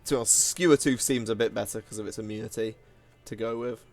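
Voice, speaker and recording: A man's voice: lowish voice, fairly even intonation, quick pace, darkish tone, faint music behind. A man giving casual, self-mocking commentary while playing a card game, often laughing at himself. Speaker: gaming video host.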